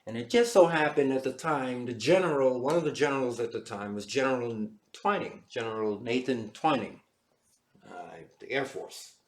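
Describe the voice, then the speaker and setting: A man giving an animated, storytelling lecture to a class. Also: medium pitch, moderate pace. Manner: animated, dramatic retelling. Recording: echoey room.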